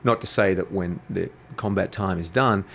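A man's voice: low voice, moderate pace, creaky, fairly bright tone, a little hiss or hum. A man, a guest telling stories in an interview, blunt and provocative, swearing freely. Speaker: guest, intuitive coach. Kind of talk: storytelling interview talk.

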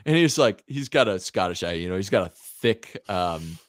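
A man in his thirties, a guest on a podcast, telling a story in a lively, animated way. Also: deep voice, normal speed, no room sound, clean studio sound. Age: 30s. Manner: animated, lively storyteller who acts out other people's lines and laughs often. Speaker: whiskey brand founder, podcast guest.

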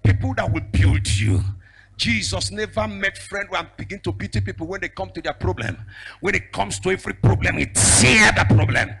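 A male evangelist, preaching a fiery sermon with prophetic declarations. He moves between shouted declarations and a low storytelling voice. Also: animated, moderate pace, creaky, soft background music. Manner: bursts into speaking in tongues.

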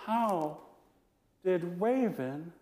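A man voicing Tide Woman, a female tide spirit in a told legend, speaking high and crying out. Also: animated, very slow, warm tone, exaggerated voice. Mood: suspicious. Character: female tide spirit, suspicious then anguished. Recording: echoey lecture room.

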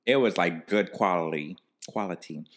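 A man's voice: deep voice, moderate pace. A man talking casually as a podcast guest, chatty and full of "like" and "um". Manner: chatty, filler-heavy with "like" and "um". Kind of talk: casual chat.

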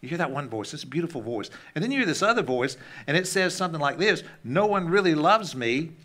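A man preaching a conversational sermon as a pastor, repeating words as he restarts and swinging between loud emphasis and hushed asides. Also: on the high side, very animated, fast talker.

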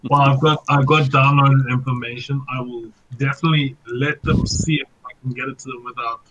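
A man playing in an online tabletop role-playing game, calmly planning his moves aloud over a dull voice call. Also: mid-range voice, brisk, noisy background. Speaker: player. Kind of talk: casual chat during a role-playing game.

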